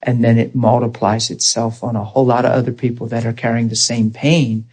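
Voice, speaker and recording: A man preaching to a congregation through a personal story, his voice husky and breathy at a middle pitch. He talks earnestly and acts out both sides of the conversation as he goes. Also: a little fast, poor audio. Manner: earnest, animated retelling with quoted dialogue. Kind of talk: storytelling sermon.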